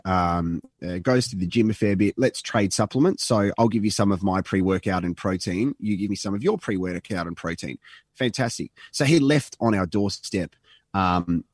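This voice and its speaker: A man's voice: on the low side, dry recording, studio quality. An Australian man co-hosting a podcast, telling a long rambling anecdote and acting out the quotes. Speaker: podcast co-host. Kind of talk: casual storytelling.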